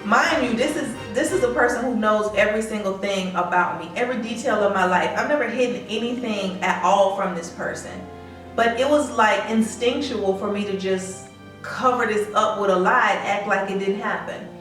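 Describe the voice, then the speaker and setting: A woman shares a personal story for a casual storytime vlog, animated and performing the quoted lines herself. Her mid-range voice moves at a moderate pace, picked up by a distant mic in an echoey room while music plays.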